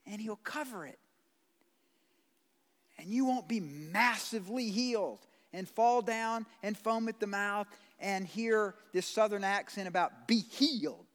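A man preaching a sermon as pastor, blunt and conversational, swinging from loud pleading to quiet. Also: high-pitched, a little slow. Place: church sanctuary. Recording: long hall reverb.

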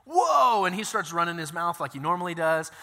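A male pastor preaching in a high, bright voice, talking through the story like a friendly chat with asides tossed in. His sermon rings out with a long reverb, as in a big church hall. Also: fast. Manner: conversational, animated storytelling with asides.

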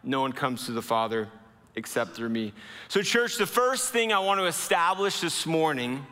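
A man preaching a sermon as pastor. He speaks earnestly, slowing down and dropping low to stress key lines. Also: big pitch swings, sharp tone, long reverb tail.

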